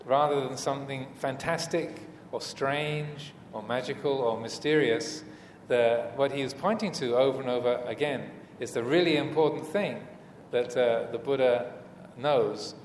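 A man teaching as a Buddhist monk in a dharma talk, speaking hesitantly with many fillers and restarts and gentle humor. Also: mid-range voice, measured pace, few pauses. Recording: echoey hall, faint room noise.

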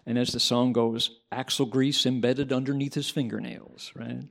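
A male Buddhist monk telling a story during a dharma talk, with lively sound effects and acted-out voices. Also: mid-range voice, normal speed, creaky, hardly any pauses. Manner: animated storyteller who adds sound effects and acts out voices. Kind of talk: storytelling sermon.

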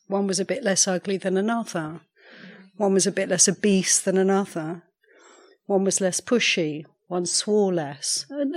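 A woman meditation teacher telling a story during a morning sitting, in a measured, unhurried way, clearing her throat now and then. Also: mid-range voice. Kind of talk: storytelling dharma talk.

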